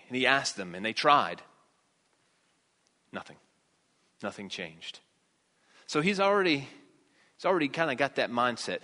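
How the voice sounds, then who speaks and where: A man's voice: a little high, expressive, normal speed, pauses often, a bit bright, long reverb tail. A man preaching a conversational sermon, reading scripture and asking the listeners rhetorical questions.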